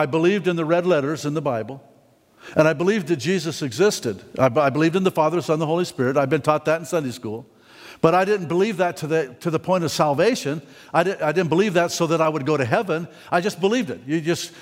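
Man, preacher, folksy testimony, slightly high voice, church hall reverb. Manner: folksy, candid, repeats words when excited. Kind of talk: sermon testimony.

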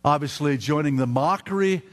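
A man's voice: fairly high pitch, normal speed. A man preaching a sermon in a church, earnest and prone to stammered restarts. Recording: reverberant hall.

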